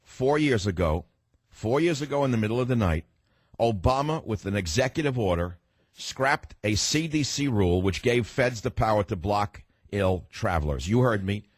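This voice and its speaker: A man's voice: on the low side, lively intonation, moderate pace, no echo. A man hosting a talk radio show, delivering a combative, emphatic monologue and cutting off callers from his studio.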